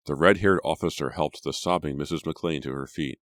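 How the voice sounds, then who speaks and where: A man narrating an audiobook in a measured storytelling manner. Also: very deep voice, no room sound, clean studio sound. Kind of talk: scripted narration.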